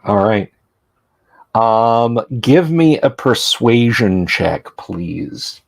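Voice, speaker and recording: A man running a tabletop horror game, narrating slowly and deliberately with fillers. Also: mid-range voice, animated, vocal fry, dry recording. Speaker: game master.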